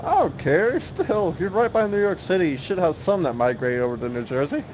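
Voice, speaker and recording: A man's voice: high voice, very animated, a little fast, a little mellow, lo-fi sound, a little hiss or hum. A young man from the US South, a race broadcaster calling an online sim race in a chatty way and laughing often. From Oklahoma, US South. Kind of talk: sim racing commentary.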